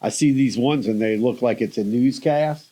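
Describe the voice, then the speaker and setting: A man's voice: mid-range voice, moderate pace, dark tone, low-quality recording. A man co-hosting a podcast, laid-back, giving short replies and plainly pushing back. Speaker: podcast co-host. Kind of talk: casual chat.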